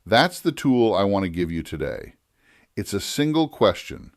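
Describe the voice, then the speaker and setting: A man narrating a scripted writing lesson, deliberate and measured, slowing down to stress key phrases. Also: fairly low pitch, sing-song, no echo, clean studio sound. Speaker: writing teacher.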